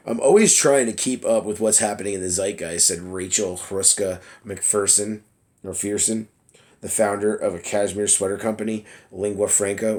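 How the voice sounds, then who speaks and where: A man blogging casually about politics from his phone, reading an article aloud in a loose, chatty way with plenty of fillers and self-deprecating laughs. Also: on the low side. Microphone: phone camera app.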